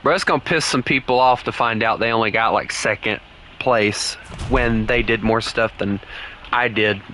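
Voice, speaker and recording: A man's voice: mid-range voice, normal speed, pushed and bright, a little hiss or hum. A man with a Southern US accent giving rambling, casual commentary while playing a game. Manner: rambling, full of "like" and restarts. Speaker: gaming streamer.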